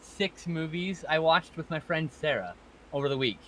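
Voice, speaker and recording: A man's voice: a little high, lively intonation, normal speed, slight background noise, rough recording. A Canadian man hosting a podcast in casual chat, rambling and profane, often trailing off mid-sentence. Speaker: podcast host.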